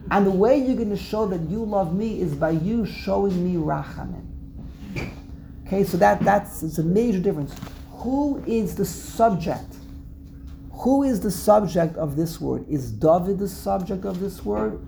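A woman leads a Torah text class in a low, gravelly voice a mellow, dark tone. She explains word by word, repeating herself and acting out the verses she quotes. A faint background noise sits under her voice. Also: expressive, normal speed.

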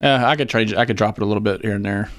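A man's voice: fairly low pitch, fairly bright tone, dry recording. A man with a Southern US accent co-hosting a podcast, joking loosely with lots of swearing. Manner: profane, joking, quick asides. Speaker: podcast co-host. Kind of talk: casual chat.

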